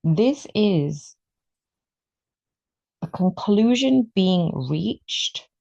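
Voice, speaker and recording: A woman giving an excitable, emotional tarot reading, stretching out her words for emphasis. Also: medium pitch, very slow, creaky, dull audio. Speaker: tarot reader.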